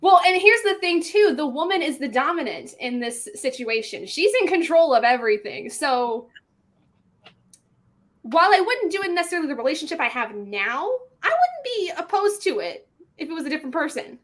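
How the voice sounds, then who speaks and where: A woman who narrates audiobooks chats casually over a video call. She rambles and giggles often, using lots of filler words, and her voice sits a little high. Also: sing-song, moderate pace. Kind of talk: casual chat on a group video stream.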